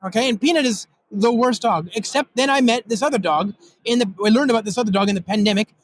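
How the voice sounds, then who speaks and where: A man guest giving a casual technical demo, excitable and rambling with lots of fillers. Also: high voice, fast, rough recording. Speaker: guest developer demonstrating software. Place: recorded in Europe.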